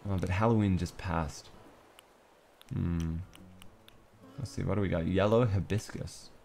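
A man's voice: low voice, unhurried, creaky, dark tone, slight background noise. A young man streaming a cartoon life game, chatting casually and thinking aloud as he plays. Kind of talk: casual gameplay commentary.

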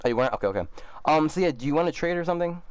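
A man's voice: a little high, animated, rapid-fire. A man, a gaming YouTuber, talking casually and upbeat, full of fillers like "bro" and "um". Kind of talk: casual gaming chat and video outro.

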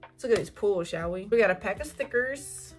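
A young woman gushing over an album unboxing in casual chat, excitable, swearing and full of fillers. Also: mid-range voice, fairly quick, soft background music.

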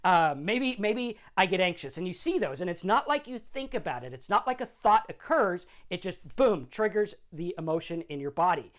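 A middle-aged man gives an informal motivational talk about recovery from drinking. He speaks conversationally and often ends a point with a quick "right?" to check in with the listener. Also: high voice, very animated, fairly bright tone. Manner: conversational, tags lines with "right?". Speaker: sobriety talk host.

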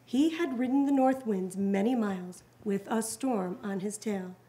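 A woman reading a children's picture book aloud to a child, animated and encouraging. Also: mid-range voice, measured pace.

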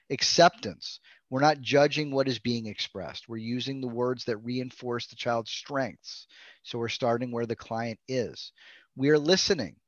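A man's voice: medium pitch, a bit bright, no room sound. Male trainer, mid-range voice, earnest lecturing tone, dull and dry video-call audio. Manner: earnest, checks in with "right?" and "okay?". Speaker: play therapy trainer.

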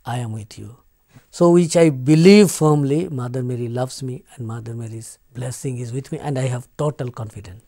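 Soft-spoken, warm-toned archbishop. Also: male voice, mid-range voice, normal speed, hardly any pauses, dry recording, clean studio sound. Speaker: archbishop, interview guest. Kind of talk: personal testimony in an interview.

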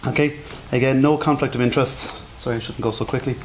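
A man with an accent delivers a conference lecture in an informal, self-deprecating way, sprinkling his talk with fillers. His voice sits at an ordinary pitch, and a faint hiss runs under it. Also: fairly even intonation, fast. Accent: non-standard English accent. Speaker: conference speaker.

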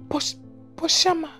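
An actress playing a timid young cleaner with a Nigerian accent, apologetic and pleading in a film drama. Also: female voice, bright, forceful tone. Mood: distressed. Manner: pleading, apologetic, fast rushed phrases. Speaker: office cleaner.

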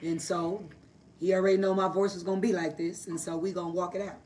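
A woman teaching a livestreamed sermon, hoarse from losing her voice, preaching emphatically in a folksy style and answering herself with quick asides. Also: on the low side, flat delivery, darkish tone, far from the mic. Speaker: Bible teacher. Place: live online broadcast.

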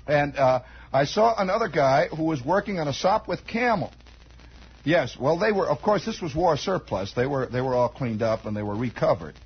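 In a dull, lo-fi recording that sounds like 1960s radio, a raspy, high-voiced American man in his forties rambles through an improvised studio monologue. He talks at a normal speed, animated and wry, wandering off into many asides.

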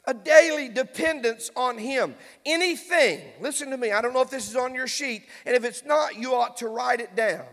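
A man, a pastor preaching a fervent sermon that builds to shouting in a church sanctuary. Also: very high voice, normal speed, hardly any pauses. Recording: long church hall reverb.

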